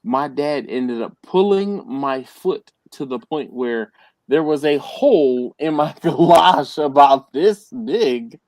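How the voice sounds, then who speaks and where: A man's voice: a little high, expressive, slow pace, a little mellow, no echo. A man hosting a live chat, telling a childhood story in a rambling way with frequent laughs. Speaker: host. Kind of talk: casual live-stream chat.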